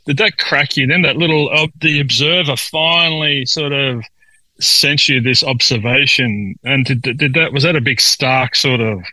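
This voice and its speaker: A man's voice: medium pitch, normal speed, pushed and bright, no room sound, rough recording. A man hosting an interview, asking follow-up questions and apologising for interrupting. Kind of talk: interview chat.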